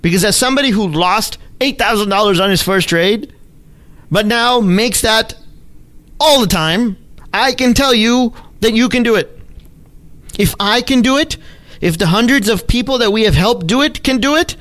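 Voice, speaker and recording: A man hosting a podcast, telling a personal story in an emphatic, animated way with punchy exclamations. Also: sits high, moderate pace. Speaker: podcast host, trading educator. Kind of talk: storytelling monologue.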